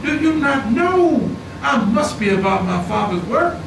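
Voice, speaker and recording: A man's voice: extremely high pitch, very animated, unhurried, creaky. A man preaching a fervent, repetitive sermon in a temple hall, driving his points home with rising emphasis. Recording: echoey hall, distant mic, noisy.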